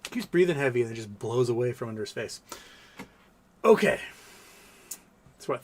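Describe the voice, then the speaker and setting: A man with a gravelly, creaky voice hosts a relaxed livestream, reading out viewer messages and talking to his animals off to the side. His pitch sits in an ordinary middle range, and a faint hum of room sound stays underneath. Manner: chatty, talks to his pets and reads chat aloud. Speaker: livestream host. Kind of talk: casual livestream chat.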